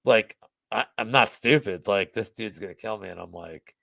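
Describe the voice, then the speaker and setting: Gravelly, animated man telling a rambling story. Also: lowish voice, normal speed, no room sound. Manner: rambling, heavy use of "like", swears a lot. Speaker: podcast guest. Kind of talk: casual storytelling chat.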